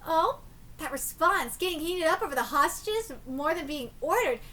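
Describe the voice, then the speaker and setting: A woman reading aloud and voicing a cold, ruthless young female spirit medium in a flat, steady tone. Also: extremely high pitch, moderate pace, exaggerated voice.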